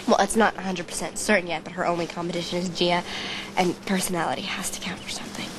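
A woman's voice: fairly low pitch, level tone, quick pace, noisy background, natural voice. An actress playing a playful young woman who teases and coaxes her boyfriend in a television drama. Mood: coaxing. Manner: teasing, coaxing. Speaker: soap opera character.

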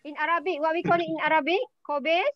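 A Malaysian woman whose first language is Malay, teaching an online Malay lesson in English and slowly repeating words for her students. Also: sits high, steady tone, no room sound, dull audio.

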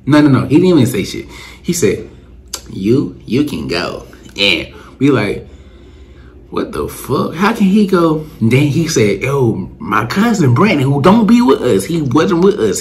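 A young man telling a rambling storytime to the camera, full of slang and swearing, jumping up in pitch when he acts out his friends. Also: measured pace. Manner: animated, acts out friends' lines with pitch jumps. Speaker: vlogger. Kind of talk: casual storytime.

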